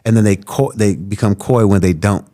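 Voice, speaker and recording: A man's voice: on the low side, normal speed. A man in his thirties from Chicago, a radio host chatting casually as a podcast guest, acting out quotes as he tells stories. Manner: animated storyteller, acts out quotes. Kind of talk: casual chat.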